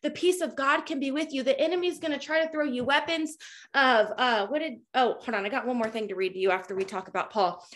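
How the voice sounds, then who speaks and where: A woman in her thirties giving a fervent, preachy faith talk to her followers, at times nearly yelling. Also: high-pitched, fast. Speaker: Christian speaker. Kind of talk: impassioned faith talk to a social media audience.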